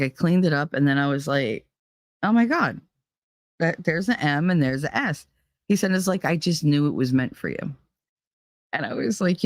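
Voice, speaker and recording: A woman's voice: on the low side, vocal fry, a little mellow, no echo, studio quality. A woman hosting her own vlog, telling a personal story in a candid, profane way and acting out the people in it. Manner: candid, profane, acts out quoted dialogue. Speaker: vlog host.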